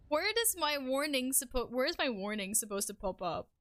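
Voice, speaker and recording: Bright-voiced excitable woman streamer. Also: high-pitched, no echo. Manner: excitable, swears, self-deprecating outbursts. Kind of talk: live gameplay commentary.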